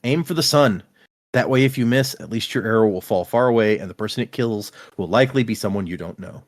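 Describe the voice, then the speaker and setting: A man's voice: fairly low pitch, fast talker, lightly acted. A man voicing an ancient, endlessly witty male jester who delivers barbed quips dryly. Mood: wry.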